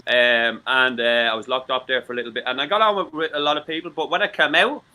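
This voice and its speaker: A man's voice: mid-range voice, fairly even intonation, quick pace, bright, forceful tone. An Irish man from Ireland chatting on a live-stream talk show, rambling and swearing, with many stammered restarts. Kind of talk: casual live-stream chat.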